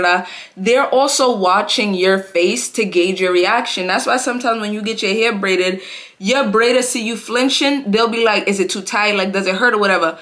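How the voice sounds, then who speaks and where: A woman's voice: medium pitch, a bit bright. A young adult woman telling a story on her vlog in casual, slangy speech full of "like" and "bro". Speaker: vlogger.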